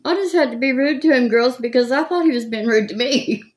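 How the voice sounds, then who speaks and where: A woman's voice: sits high, brisk. An older woman with a Southern accent, chatting casually and gossiping as she does her makeup. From California. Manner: chatty, gossipy, rambling with frequent laughs. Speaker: makeup vlogger. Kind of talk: casual chat while doing makeup.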